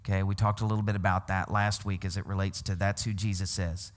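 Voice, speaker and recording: A man's voice: low voice, little pitch movement, fast, few pauses. A man from Arkansas preaching a sermon as pastor, in a conversational way, often checking in with "okay?" and laughing as he teaches.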